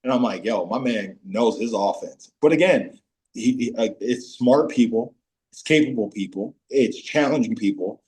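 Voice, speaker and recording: A man in his forties, a former pro football player, telling animated stories as a podcast guest and breaking into high-pitched voices when quoting teammates. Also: moderate pace. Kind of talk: casual storytelling interview.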